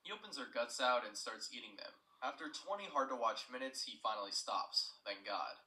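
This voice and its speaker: A man's voice: mid-range voice, moderate pace, bright, forceful tone, reverberant, far from the mic, rough recording. A young man retelling a story in scripted narration, plain and matter-of-fact with asides.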